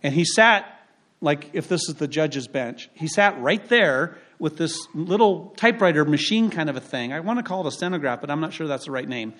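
A male pastor delivers his sermon as relaxed, humorous storytelling, leaning on his own anecdotes. His voice sits somewhat high for a man, and the delivery stays conversational rather than formal. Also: fairly quick. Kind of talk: sermon with personal stories. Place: church.

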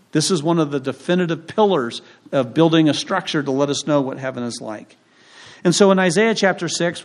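A man preaching a sermon as pastor in a church, emphatic and throwing rhetorical questions to the congregation. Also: on the high side.

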